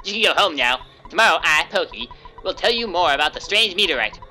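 A man puts on a bratty game kid who yells and bosses everyone around. The tone is high and very bright, with a nasal push. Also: animated, a little fast, faint music behind. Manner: shouting, bossy. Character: bratty loud neighbor boy.

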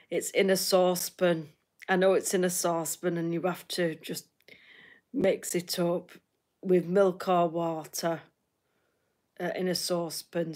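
Northern english lady chatting to her stream viewers, laughs a lot, says things twice, slow and easy. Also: fairly low pitch, darkish tone. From north of England. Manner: chatty, laughs often, repeats herself. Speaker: livestream host. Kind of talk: casual livestream chat with viewers.

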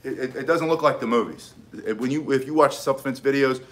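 A man's voice: mid-range voice, fairly quick. Emphatic middle-aged man teaching self-defense. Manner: emphatic, repeats key points, restarts sentences. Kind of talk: casual instructional talk.

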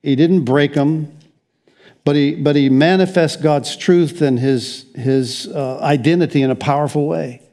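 Rambling pastor with a mellow voice. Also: male voice, fairly high pitch, a little slow. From United States. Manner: rambling, conversational, frequent restarts. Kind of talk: sermon.

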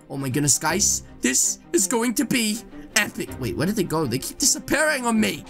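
A young man giving excited gameplay commentary as a YouTube host, exclaiming and talking straight to his viewers. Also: high-pitched, moderate pace, creaky, soft background music. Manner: hyped, exclamatory, addresses viewers as guys. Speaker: gaming YouTuber.

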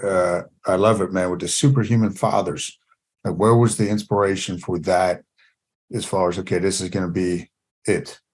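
A man's voice: low voice, steady tone, moderate pace, husky. A man hosting a podcast, talking in a casual, enthusiastic way and often saying "man". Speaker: podcast host. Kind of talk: casual conversation.

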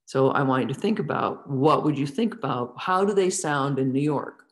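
A woman's voice: rumbling low, lively intonation, normal speed. A woman teaching a theatre class in a lecture style, asking the students many questions and drawing words out for emphasis. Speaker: theatre instructor.

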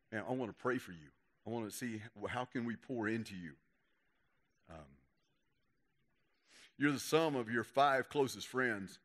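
A youth pastor, a young man whose voice is lowish but fairly bright, preaches a casual sermon for young people. The tone is folksy and conversational, and he acts out whatever he quotes.

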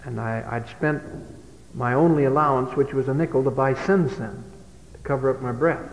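A man's voice: medium pitch, moderate pace, slight background noise. A man giving a speech to youth, telling humorous stories in a folksy way. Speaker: speaker. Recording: dull old hall recording with long reverb.

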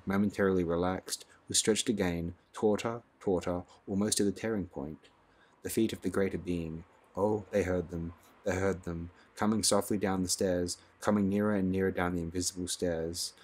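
A male audiobook narrator reads a classic novel aloud. His voice sits very low. He reads expressively, letting the prose swell with the scene. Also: fairly even intonation, normal speed. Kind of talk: scripted narration.

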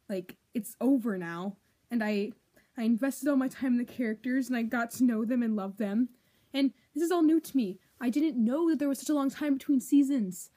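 Dramatic young woman, husky mellow voice. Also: fairly high pitch, brisk. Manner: dramatic, swings between whining and whispering. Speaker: vlogger. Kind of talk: casual confessional vlog.

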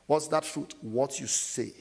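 Husky-voiced preacher man in a reverberant hall. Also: medium pitch, measured pace. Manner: call-and-response preaching, asks the congregation to finish verses; acts out scenes in loud sudden shouts. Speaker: pastor. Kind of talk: sermon.

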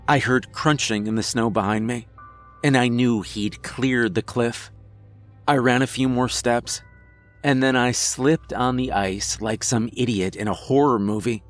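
A man narrating a first-person horror story in a measured storytelling manner. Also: medium pitch.

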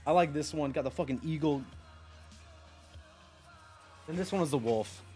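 A young man chatting on a live stream, rambling excitedly, swearing and talking to his chat. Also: a little high, moderate pace, soft background music.

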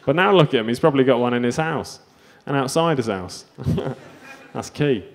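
A man's voice: medium pitch, animated, normal speed. A man doing a stand-up set, delivering self-mocking absurd one-liners. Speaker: stand-up comedian.

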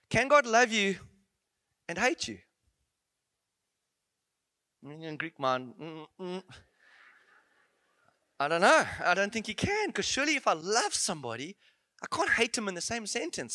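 Delivering a conference sermon in a church, a high-pitched man is animated and playful, full of asides and rhetorical questions. There's no echo on the recording.

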